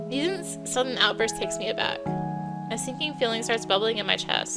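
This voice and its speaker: A woman hosting a let's play, reading a visual novel aloud with steady expression, game music behind. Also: fairly high pitch, a little fast.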